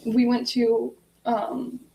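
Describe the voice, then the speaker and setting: Hesitant woman, halting with fillers. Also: a little high, completely flat delivery, vocal fry, mellow, poor audio. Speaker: interview subject.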